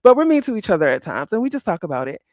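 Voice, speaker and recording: Lively blunt woman hosting a stream. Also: mid-range voice, racing, no echo, highs cut off. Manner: animated, blunt and profane, laughs often. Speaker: livestream host. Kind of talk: casual commentary to a live audience.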